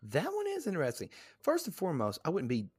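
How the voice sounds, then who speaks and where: A man's voice: fairly high pitch, wildly swooping pitch, fast talker, darkish tone, breathy edge, dry recording. A man co-hosting a casual podcast, rambling and self-deprecating as he reads notes aloud and riffs on them. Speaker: podcast co-host.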